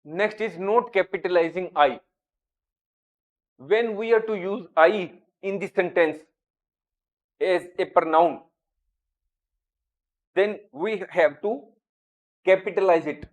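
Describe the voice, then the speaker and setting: Indian english guy teaching grammar, kinda high voice, slow and repetitive. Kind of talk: classroom grammar lesson.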